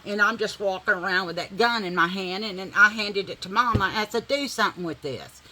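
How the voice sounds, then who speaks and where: A woman's voice: medium pitch, steady tone, a little fast, pushed and bright, slight background noise, low-quality recording. A middle-aged woman vlogger telling a dramatic story while doing her makeup, blunt and full of swearing.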